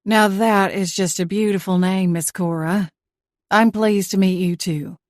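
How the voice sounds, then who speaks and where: A woman voicing a warm shop owner in her forties with a slow, sweet Southern drawl in an audiobook. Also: medium pitch, steady tone, no room sound, clean studio sound, lightly acted. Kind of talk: audiobook character voice.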